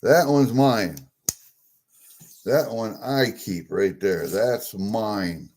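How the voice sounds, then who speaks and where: Man, unhurried casual vlog talk, soft dark tone, mutters and chuckles to himself. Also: lowish voice. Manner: chatty, mutters to himself, easily delighted. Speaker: coin collecting vlogger.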